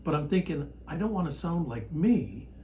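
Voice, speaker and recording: A man who grew up around Chicago, an actor chatting as a podcast guest, telling stories in an animated way with bursts of loud excitement. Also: a little high, moderate pace, slight background noise, poor audio. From Chicago area, United States. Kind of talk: casual storytelling chat.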